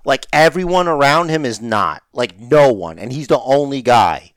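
A man's voice: mid-range voice, moderate pace, dry recording. A man co-hosting a casual wrestling podcast, joking and teasing his co-host. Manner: jokey, teasing, animated.

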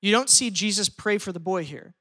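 A pastor delivers an energetic sermon, often changing his pace and performing the lines he quotes. His voice is mid-range and his delivery brisk.

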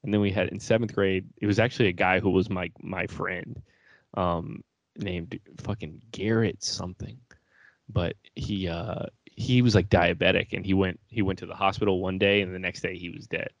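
Deep-voiced young man rambling casually. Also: fairly even intonation, moderate pace, creaky, no room sound, lo-fi sound. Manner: rambling, laughs often, swears. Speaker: podcast co-host. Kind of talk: casual chat.

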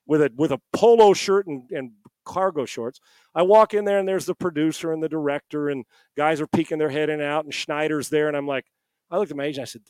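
Middle-aged male podcast guest on a headset, slightly higher voice, dry close sound, lively anecdote teller. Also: dry recording. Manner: animated storyteller, acts out quoted dialogue. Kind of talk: casual storytelling. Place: home.

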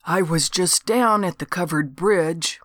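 A woman's voice: on the low side, measured pace, dry recording, studio quality, natural voice. A woman reading the part of a blunt, weary small-town male police officer in an audiobook. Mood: exasperated.

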